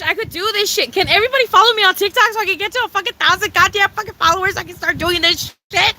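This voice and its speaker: A woman's voice: extremely high pitch, sharp tone, slight background noise, poor audio. A young woman chatting live with viewers in a bubbly, profane way. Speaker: livestreamer. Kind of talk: casual live chat. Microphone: phone.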